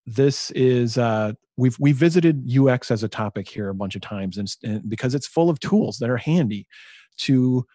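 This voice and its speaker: A man's voice: medium pitch, lively intonation, moderate pace, mellow, no echo, clean studio sound. A man co-hosting a podcast in casual chat, thinking aloud and getting enthusiastic about ideas. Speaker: podcast co-host.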